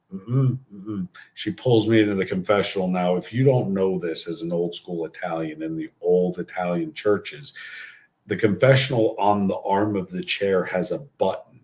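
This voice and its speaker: A man's voice: low voice, fairly even intonation, moderate pace, darkish tone. A man in his thirties from the Bronx with a New York accent, hosting a podcast and telling a crude, joking story. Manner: profane and joking. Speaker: podcast host.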